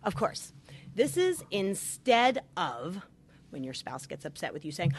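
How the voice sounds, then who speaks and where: A woman's voice: on the low side, sing-song, normal speed, breathy edge, no echo. A middle-aged woman, a marriage therapist, giving earnest, emphatic advice point by point. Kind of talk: advice talk with numbered points.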